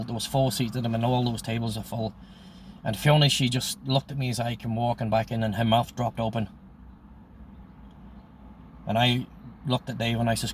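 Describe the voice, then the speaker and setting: A man's voice: on the low side, a little hiss or hum. A man in his sixties telling a story from his own life in a casual, blunt way, swearing often and repeating "I says" as he quotes people. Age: 60s.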